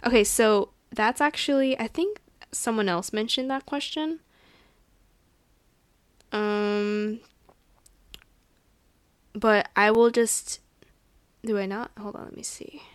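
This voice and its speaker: A woman's voice: a little high, takes it slowly, long pauses, smooth, no room sound. Gushing woman podcast host, dry sound. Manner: gushing, excitable and chatty, with frequent laughs and fillers. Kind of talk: casual solo podcast chat. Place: at a table, indoors.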